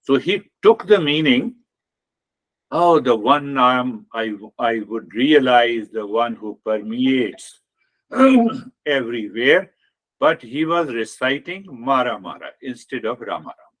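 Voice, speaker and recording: A man giving a spiritual talk on meditation as a teacher, explaining in an unhurried way and repeating key phrases. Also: medium pitch, sing-song, fairly bright tone.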